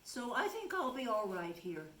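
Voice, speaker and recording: A woman doing a gentle little storybook mouse. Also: fairly high pitch, sing-song, moderate pace. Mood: content. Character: small stubborn mouse in pumpkin house. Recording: roomy echo.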